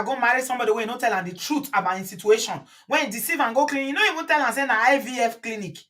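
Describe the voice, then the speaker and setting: A woman's voice: mid-range voice, fairly bright tone. A Nigerian woman hosting a live talk stream, scolding viewers in the comments and switching into Pidgin. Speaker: host.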